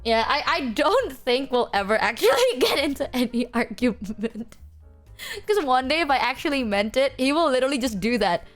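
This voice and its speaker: A woman streamer chatting casually with her chat, telling stories in an animated, foul-mouthed way full of fillers. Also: high-pitched, normal speed, faint music behind. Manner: animated, swears freely, filler-heavy.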